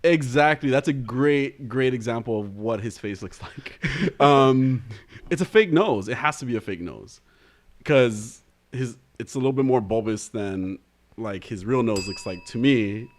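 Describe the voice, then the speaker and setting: A man's voice: medium pitch, animated, unhurried. A man co-hosting a podcast in casual chat, who laughs often and talks hesitantly with many fillers and restarts. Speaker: podcast co-host.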